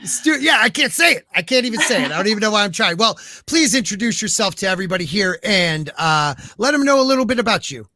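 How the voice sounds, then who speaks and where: A man's voice: high-pitched, very animated, fast talker, few pauses, bright, forceful tone, no room sound. A man hosting a podcast in casual chat, joking and self-deprecating as he stumbles over words. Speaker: podcast host.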